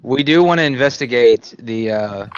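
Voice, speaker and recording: A man's voice: mid-range voice, lively intonation, moderate pace, smooth, no room sound, dull audio. A man playing a tabletop game, talking casually and joking with swearing. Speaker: player.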